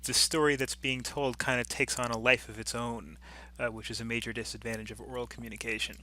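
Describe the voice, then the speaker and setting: Male business lecturer, bright forceful voice, unscripted chatty delivery with lots of restarts. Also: mid-range voice, flat delivery, a little fast. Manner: conversational, with many fillers and restarts. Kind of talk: recorded course lecture.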